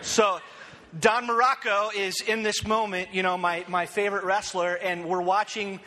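A man telling a personal story as he opens a sermon, animated and self-deprecating, often checking in with "right?". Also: high voice, moderate pace, in a large hall.

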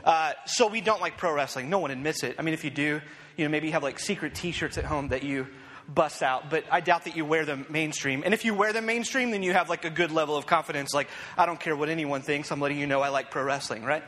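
A man telling a personal story as he opens a sermon, animated and self-deprecating, often checking in with "right?". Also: on the high side, fast, in a large hall.

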